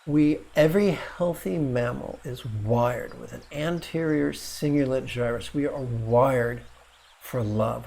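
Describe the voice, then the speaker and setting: A man's voice: medium pitch, creaky, a little mellow. A man teaching meditation in a video lesson, wry, with playful asides.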